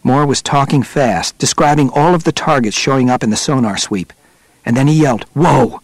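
A man reads a nonfiction audiobook in a steady, measured way. His pitch sits in the middle range for a man. The recording is close and dry, with no room sound. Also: no echo. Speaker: narrator. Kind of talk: audiobook narration.

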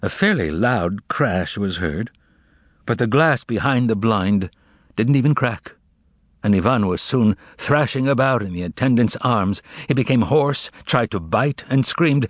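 A man reading a novel aloud as narrator in a measured, expressive way. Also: medium pitch, dry recording, clean studio sound. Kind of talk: audiobook narration.

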